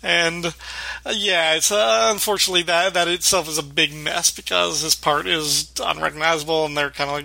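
A man's voice: a little high, steady tone, moderate pace, creaky, bright, forceful tone, poor audio. A man co-hosting a podcast, casually retelling sitcom scenes with frequent laughter and acted-out quotes. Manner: laughs often while retelling scenes, acts out quoted lines. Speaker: podcast co-host. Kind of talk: casual podcast chat recapping a sitcom episode.

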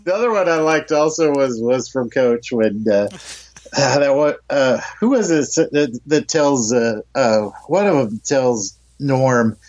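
A man co-hosting a podcast, chatting in a relaxed way and thinking aloud about favorite moments. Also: mid-range voice, a little slow. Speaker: podcast co-host. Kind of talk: casual chat reviewing a sitcom episode. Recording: dull lo-fi sound.

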